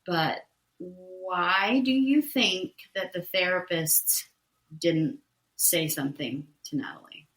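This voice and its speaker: A woman with a lower voice talks through a reality show episode in a relaxed podcast chat. She walks through what happened point by point, dotting it with "um" and "right?". The sound is roomy and echoey. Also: slow pace. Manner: recaps events step by step with many "um"s and "right?". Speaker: podcast co-host.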